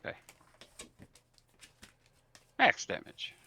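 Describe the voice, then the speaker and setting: A man's voice: drawn-out words, sharp tone. A man playing a character in an online tabletop game, talking hesitantly with many restarts. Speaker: player. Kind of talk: casual tabletop game play.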